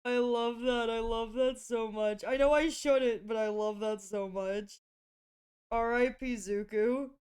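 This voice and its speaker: A woman live-streaming, chatting casually to her viewers with excitable exclamations and frequent giggles. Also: fairly high pitch, a little slow, clean tone.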